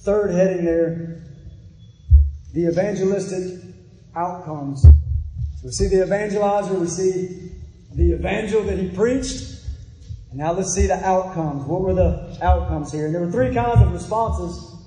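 A high-voiced man preaches a sermon, pressing his points home and repeating key phrases to the congregation. His tone is mellow and warm rather than sharp. The sound carries the long, echoing reverb of a big hall. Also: unhurried, pauses often. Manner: emphatic, repeats phrases, addresses the congregation directly. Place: church hall.

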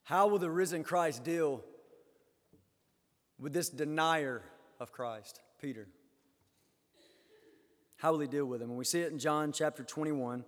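High-voiced preacher in a reverberant hall. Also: male voice, a little slow, pauses often. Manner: swells loud on quoted scripture, drops low on comments. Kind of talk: sermon.

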